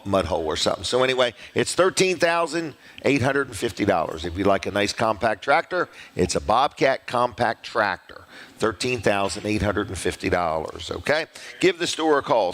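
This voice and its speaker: A man's voice: lowish voice, fairly bright tone. Folksy middle-aged male host. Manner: folksy, rambling, repeats phone numbers slowly. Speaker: show host. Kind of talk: casual ad reads on a local show.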